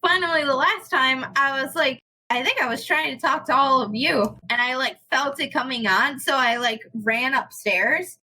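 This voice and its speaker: A young woman chatting casually on a podcast, telling a ghost story in an animated way, with lots of fillers and swearing. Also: high voice, normal speed, hardly any pauses, slight background noise, poor audio. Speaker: podcast co-host.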